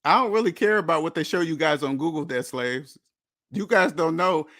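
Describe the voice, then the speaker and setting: A man's voice: fairly high pitch, normal speed, a bit bright, no room sound, clean studio sound. A man hosting a channel in a blunt, lecturing monologue, repeating points for emphasis. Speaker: host. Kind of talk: casual monologue.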